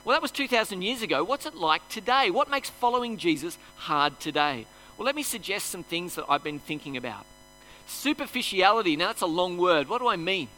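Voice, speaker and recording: A man preaching at an evening church service, animated and putting on the voices of the crowd. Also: sits high, brisk, a little hiss or hum, poor audio. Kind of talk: sermon.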